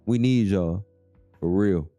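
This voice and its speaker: A man's voice: low-pitched, slow pace, dark tone, no room sound, faint music behind. A man hosting a casual livestream chat, laid-back and reading viewer comments aloud. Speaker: livestream host.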